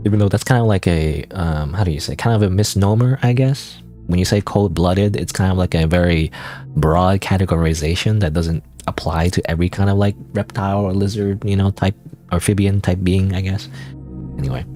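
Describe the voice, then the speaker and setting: A man's voice: deep voice, a little fast, dark tone, faint music behind. A man streaming a game, chatting casually in a rambling way full of fillers and self-corrections. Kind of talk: casual let's-play commentary.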